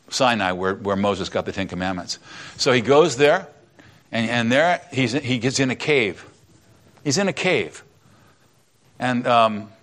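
A man's voice: mid-range voice, a bit bright. A man preaching a sermon, dramatically retelling a Bible story and acting out the voices, with folksy asides. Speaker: pastor.

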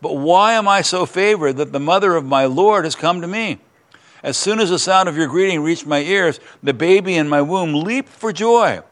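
A man's voice: a little high, normal speed, fairly bright tone. A man preaching a sermon, reading scripture aloud and adding earnest, emphatic comments in a conversational way. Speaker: pastor.

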